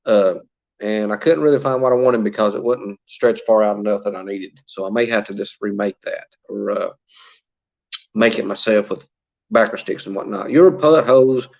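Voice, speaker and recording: A man's voice: fairly low pitch, moderate pace, vocal fry, a little mellow. Chatty man, lo-fi audio. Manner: chatty, reads comments aloud, many fillers. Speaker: livestream host reading chat. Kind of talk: casual live-chat talk.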